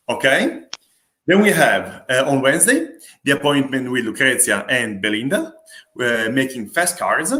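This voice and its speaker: A man's voice: medium pitch, sharp tone. A man hosting a craft livestream in casual chat, hesitant with many fillers, playful and teasing.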